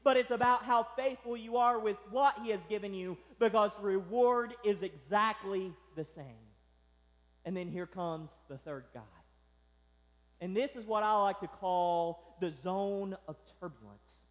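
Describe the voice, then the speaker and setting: A male pastor preaching a sermon, telling the story in a lively way and acting out its characters. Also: sits high, in a large hall.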